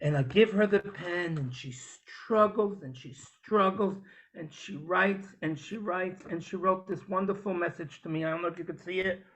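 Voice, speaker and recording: A man doing a stand-up comedy set over a video call, dropping to hushed storytelling and then shouting the punchlines. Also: sits high, normal speed. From New Jersey, US.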